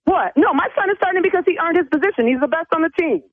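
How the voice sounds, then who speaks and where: A mother arguing heatedly on a phone call, indignant and cursing with quick retorts. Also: very high voice, animated, no echo. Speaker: prank call target, mother. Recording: tinny dry phone line.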